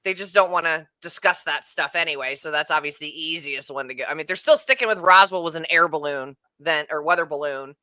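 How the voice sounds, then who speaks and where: A woman co-hosting a casual chat show from home, chatty and quick to laugh, often trailing off mid-thought. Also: deep voice, sharp tone, no echo. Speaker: podcast co-host. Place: home room.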